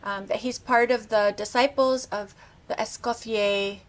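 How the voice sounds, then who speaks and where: A woman's voice: mid-range voice, steady tone, measured pace, slight background noise, rough recording. A woman in her thirties hosting a cooking show, chatting casually and enthusiastically while tasting dishes. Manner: enthusiastic, tasting food on camera.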